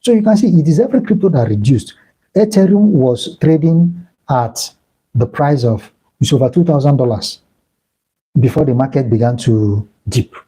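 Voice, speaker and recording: A man's voice: mid-range voice, animated, normal speed, warm tone, husky, low-quality recording. A man with a Nigerian Igbo accent hosting a casual live stream, repeating himself and thanking and blessing viewers as he reads their comments. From southeastern Nigeria. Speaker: crypto live-stream host.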